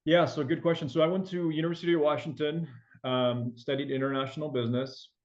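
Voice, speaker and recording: A man's voice: fairly high pitch, fairly even intonation, fast, darkish tone, dull audio. Chatty French-raised man, faint accent. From France. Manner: chatty, many fillers and restarts. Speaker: loan officer, podcast guest. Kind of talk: casual interview chat.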